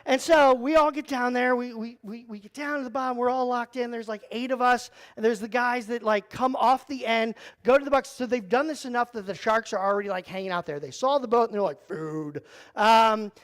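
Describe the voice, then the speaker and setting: Speaking to a youth group, a male youth pastor with a high-pitched voice tells his story in an animated, joking way. He talks a little fast with hardly any pauses, filling his speech with "like" and "um."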